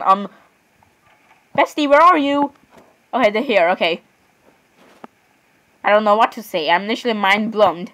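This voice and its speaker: A woman's voice: on the high side, low-quality recording. Chatty young woman narrating her gameplay. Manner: chatty, excitable, keeps saying "I'm sorry" and "literally". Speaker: gamer. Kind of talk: casual gameplay commentary.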